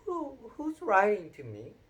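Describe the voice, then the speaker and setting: A man's voice: high-pitched, huge pitch swings, unhurried, a bit bright, pitched above the performer's own voice, full character voice. A man reading a storybook aloud and voicing a defiant eleven-year-old boy in a raised, insistent tone. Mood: angry.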